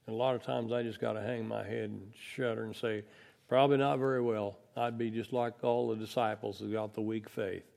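Gravelly-voiced man preaching a folksy sermon. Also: medium pitch, a little mellow. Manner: conversational, folksy, acts out voices of disciples. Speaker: preacher teaching a Bible lesson.

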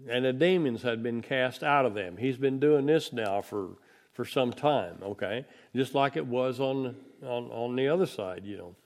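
A man's voice: mid-range voice, normal speed. A man preaching a conversational Bible lesson, folksy and plain-spoken, acting out quoted voices as he goes. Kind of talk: sermon.

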